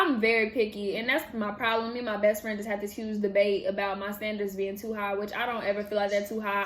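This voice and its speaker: A young woman in her twenties from the Bay Area, chatting casually and animatedly while answering viewer questions in a vlog. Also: a little high. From San Francisco Bay Area. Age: 20s. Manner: chatty, animated, laughs and trails off. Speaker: vlogger.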